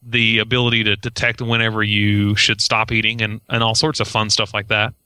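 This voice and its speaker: Bright, smooth-voiced male co-host. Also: lowish voice, little pitch movement, a little fast, no echo. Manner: wry, self-deprecating. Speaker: podcast co-host. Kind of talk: casual podcast chat.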